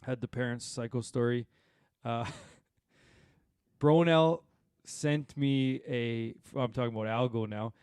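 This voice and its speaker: Sex: man. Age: 30s-40s. Role: podcast co-host. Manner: animated, rambling storyteller. Sound: dry, close. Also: medium pitch, slow pace, clean tone, dry recording. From Saskatchewan, Canada. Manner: animated storyteller, rambling with many fillers and asides. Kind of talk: casual chat.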